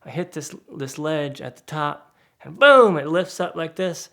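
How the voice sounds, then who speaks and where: A man telling a casual spoken anecdote in a lively way, acting out the other people's lines. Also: normal speed. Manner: lively, acts out quoted voices with sudden pitch jumps. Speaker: guest storyteller.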